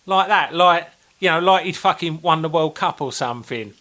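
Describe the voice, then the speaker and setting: A man's voice: fairly high pitch, normal speed. A man co-hosting a podcast, telling swear-laden anecdotes in casual chat and acting out the people in them. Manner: swearing, animated anecdotes with acted-out quotes. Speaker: podcast co-host.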